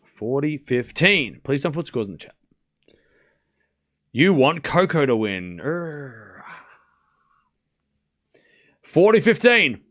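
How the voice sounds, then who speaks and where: Man on a watchalong stream, animated tennis play-by-play with chat asides, slightly higher voice. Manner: quick play-by-play, chatting with viewers between points. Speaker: streamer doing live tennis commentary. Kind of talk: live watchalong commentary and chat reading.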